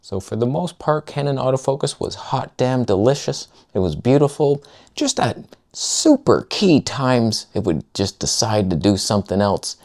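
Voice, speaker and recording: A man narrating his own video footage in a casual, sarcastic, self-mocking way with quick asides. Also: mid-range voice, sing-song, darkish tone. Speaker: photographer vlogger.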